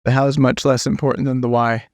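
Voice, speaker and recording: A man hosting a podcast, asking reflective, thoughtful questions in a measured way. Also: mid-range voice, little pitch movement, darkish tone, no room sound, clean studio sound. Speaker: podcast host. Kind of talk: interview questions.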